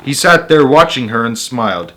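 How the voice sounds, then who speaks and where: A man's voice: medium pitch, lively intonation, normal speed, pushed and bright. A man in his twenties reading a rhyming storybook aloud in an amused, playful way. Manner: amused, breaks into laughter.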